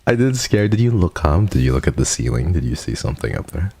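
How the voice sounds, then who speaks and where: A man's voice: extremely low pitch, very animated, quick pace, warm tone, husky, no room sound. A man hosting a live stream, chatting casually with a guest, joking and swearing often. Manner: joking, profane, laughs often. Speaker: streamer host.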